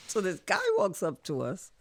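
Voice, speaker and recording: Gravelly-voiced woman telling stories. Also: on the low side, no room sound, studio quality. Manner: animated storyteller, acts out voices. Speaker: musician guest. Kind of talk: storytelling interview chat.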